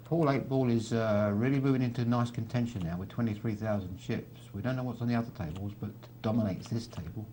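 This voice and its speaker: A man's voice: fairly low pitch, steady tone, quick pace, few pauses, mellow, a little hiss or hum. A man gives live poker commentary, walking through each hand with a chatty manner and dry teasing asides to his co-host.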